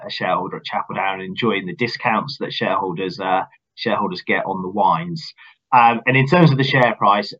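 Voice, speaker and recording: Brief: deep, husky man, finance executive, measured answers, dull muffled recording. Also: fairly bright tone. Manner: measured, earnest, repeats words at starts. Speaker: company finance chief. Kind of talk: business interview answers.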